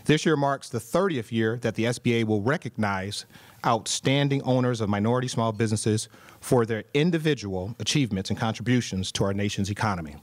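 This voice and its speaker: A government official giving a formal award speech, upbeat, reading prepared remarks with small asides. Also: male voice, lowish voice, fairly quick, dry recording. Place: conference hall.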